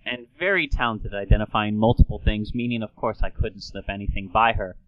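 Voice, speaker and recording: A man's voice: on the low side, fairly even intonation, fairly quick, dull audio, a crowd in the background. A man hosting a casual talk show, explaining things in a playful, lecturing way. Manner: lecturing, playful, slips into old-timey announcer voice. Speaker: podcast host.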